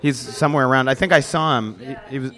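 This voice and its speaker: A fast, sharp-toned, mid-range voice belongs to this Milwaukee visitor chatting with kids at an event. Holding a microphone, he's playful and silly, stammering and restarting as he talks casually.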